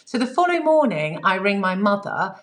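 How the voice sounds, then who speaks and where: A woman's voice: medium pitch, very animated, fairly quick. A woman author, a guest in an interview, telling a personal story in an earnest, reflective way with many fillers. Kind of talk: relaxed storytelling in conversation.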